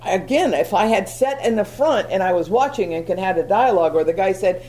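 A woman's voice: mid-range voice, animated, fairly quick, few pauses, warm tone. A woman preaching a sermon in a conversational way, with frequent restarts and repeated words. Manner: many restarts, stammering repeats.

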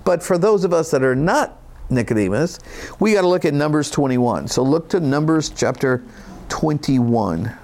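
A pastor preaches a sermon, reading scripture and explaining it in a conversational, folksy way with casual asides. His voice is a little high and a little mellow, with lively intonation at a moderate pace.

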